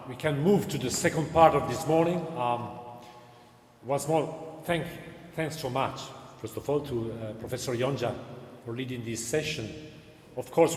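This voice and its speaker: A man's voice: medium pitch, slight background noise. Man speaking in an echoing church. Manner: earnest, repeats key phrases, non-native phrasing. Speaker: Dominican cultural center host. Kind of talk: panel moderation. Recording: echoey church hall with long reverb.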